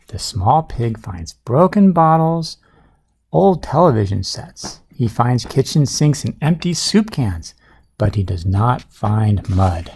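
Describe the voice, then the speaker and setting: A man's voice: medium pitch, big pitch swings, slow pace, gravelly, warm tone, husky. A man reading a storybook aloud at bedtime, with playful asides to a child listener. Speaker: storybook reader.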